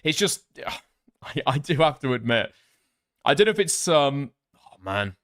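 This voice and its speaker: Man, lively pitch, rambling, foul-mouthed stream chatter. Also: unhurried. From northern England. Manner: rambling, sweary, laughs often. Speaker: live streamer. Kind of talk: casual live stream chat.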